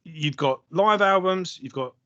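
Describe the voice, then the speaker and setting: A man's voice: on the high side, measured pace, sharp tone, smooth, no room sound. A man co-hosting a podcast, telling stories in a sweary, chatty way with plenty of laughter. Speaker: podcast co-host. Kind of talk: casual chat. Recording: dry, slightly dull lo-fi sound.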